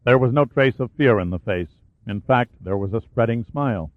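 A man narrates an audiobook in a steady, even voice at a middle pitch. The sound is narrow like a phone line and bone dry, with no room in it. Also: normal speed, dry recording. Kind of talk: scripted narration of a war thriller.

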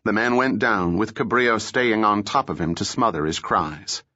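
A male narrator reads thriller prose with a steady, measured delivery in a lowish voice. The sound is dry and close, with no room around it. The recording is slightly dull and muffled. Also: no room sound. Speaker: audiobook narrator. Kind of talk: scripted narration of a thriller novel.

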